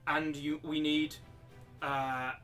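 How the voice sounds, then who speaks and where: A man's voice: fairly high pitch, level tone, slow pace, sharp tone, faint music behind. Man teaching maths in a jokey pirate-ish accent. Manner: explains step by step, repeating himself. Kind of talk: live-streamed maths lesson.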